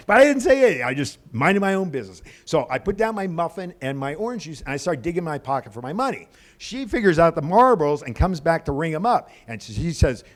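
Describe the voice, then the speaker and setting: A man performing a stand-up comedy set on a club stage, ranting loudly and with exasperation, swearing freely, into a handheld mic. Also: on the high side, sing-song, brisk. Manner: loud, exasperated ranting with profanity.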